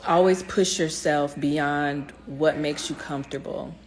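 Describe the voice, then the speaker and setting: Earnest low-voiced woman vlogging. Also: steady tone, a little slow, darkish tone. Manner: earnest, heartfelt, many fillers and restarts; speaks directly to viewers, encouraging. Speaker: motivational speaker. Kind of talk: personal motivational vlog talk.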